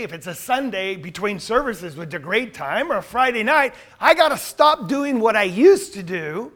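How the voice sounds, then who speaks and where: Middle-aged male pastor, high and lively delivery, animated sermon storyteller. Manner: animated storytelling with rhetorical questions.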